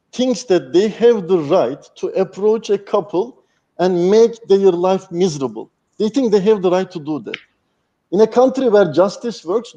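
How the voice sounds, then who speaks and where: A man's voice: high voice, warm tone, highs cut off. A man, a guest speaker talking candidly and passionately, swearing freely. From Turkey. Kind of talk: candid interview talk.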